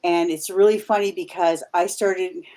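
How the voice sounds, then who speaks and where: A Canadian woman in her fifties talks as a guest on a paranormal chat show. Her voice sits a little low. She rambles through her stories and keeps restarting her sentences. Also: fairly even intonation, normal speed, mellow. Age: 50s. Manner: rambling, full of restarts and asides. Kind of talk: casual chat.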